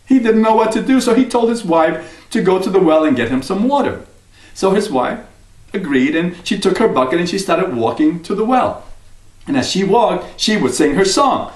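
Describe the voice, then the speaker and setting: Lively high-voiced male storyteller. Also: normal speed. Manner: expressive, lively, sings refrains. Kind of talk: folk tale storytelling. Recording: roomy, mic at a distance.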